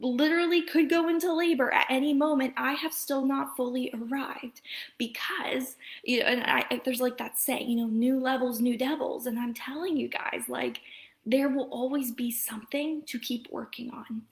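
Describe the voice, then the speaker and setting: A pregnant woman in her thirties, a mom coach, talking earnestly to viewers on a live stream, rambling with many fillers and restarts and often dropping into a soft whisper. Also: high voice, steady tone, moderate pace, creaky. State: heavily pregnant. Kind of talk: Facebook Live talk to viewers.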